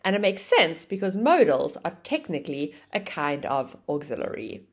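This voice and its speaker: Lively woman teaching English grammar. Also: deep voice, normal speed. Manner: explaining with lively, sing-song intonation. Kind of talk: online grammar lesson.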